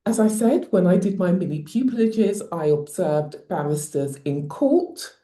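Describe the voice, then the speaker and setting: Slow, low-voiced British woman. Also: mellow, echoey room. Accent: non-posh British English. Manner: slow, measured, emphatic advice. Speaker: advocacy trainer. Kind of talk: teaching talk to camera.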